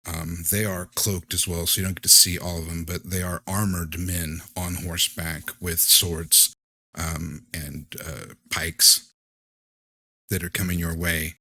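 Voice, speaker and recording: Low slow-talking game master man. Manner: relaxed, halting narration with many fillers. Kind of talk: narrating a tabletop horror game.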